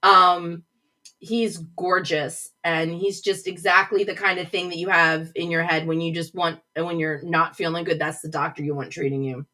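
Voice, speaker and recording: A woman's voice: on the low side, flat delivery, moderate pace, sharp tone. A middle-aged woman hosting her own live show from a home office, chatting casually and gushing as she answers viewers' comments. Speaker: host of a livestream show.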